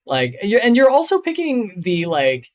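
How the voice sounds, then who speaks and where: A man hosting a casual gaming chat, playful and quick to laugh, often stumbling over repeated words. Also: high-pitched, huge pitch swings. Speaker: host.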